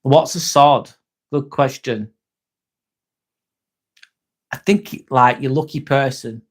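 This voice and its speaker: A man's voice: mid-range voice, slow. A man with an English accent, casually chatting on a livestream and answering viewer comments by name, swearing freely. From England. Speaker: live streamer.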